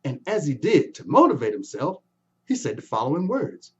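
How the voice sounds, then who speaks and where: A man telling a folktale in an animated way, adding sound effects and inviting the audience to join in. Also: fairly high pitch, moderate pace, breathy edge, lo-fi sound. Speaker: storyteller. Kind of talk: folktale storytelling performance.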